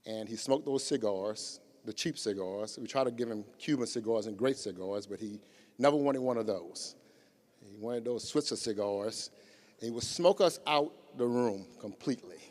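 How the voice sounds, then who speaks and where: A man's voice: on the low side, normal speed. A man giving a memorial tribute, telling a humorous anecdote and acting out the quotes as he speaks to a large gathering. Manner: warm storytelling, acting out quotes. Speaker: former athletics colleague giving a tribute. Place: large arena memorial service. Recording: long reverb in a big arena.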